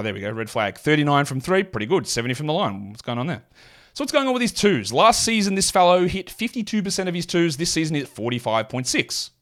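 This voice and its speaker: A man from Australia with a mild Australian accent, hosting a solo fantasy basketball podcast and rattling off statistics with quick asides. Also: fairly high pitch, fairly bright tone. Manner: rapid stat-heavy delivery with asides.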